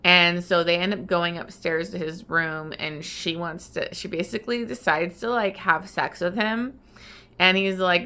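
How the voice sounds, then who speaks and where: Woman, low-pitched but bright voice, emotional casual vlog recap, lots of "like". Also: fairly even intonation, measured pace. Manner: emotional, heavy use of "like". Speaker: book reviewer.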